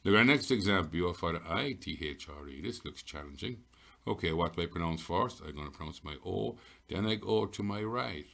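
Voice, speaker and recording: Man, very low voice, gravelly, methodical pronunciation lesson. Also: animated, a bit bright. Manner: slow, methodical, sounding out words. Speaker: Irish language teacher.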